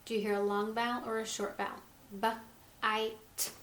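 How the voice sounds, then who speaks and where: A woman teaching a phonics lesson to young children, sounding out words letter by letter and gently encouraging them. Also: on the high side, flat delivery, a little slow, slight background noise. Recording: echoey room with faint ambience.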